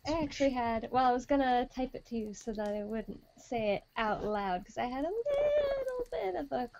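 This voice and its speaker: A woman's voice: high-pitched, very animated, moderate pace, darkish tone, muffled recording. A woman taking part in a tabletop game, chatting casually in a hesitant way. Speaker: player. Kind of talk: casual chat.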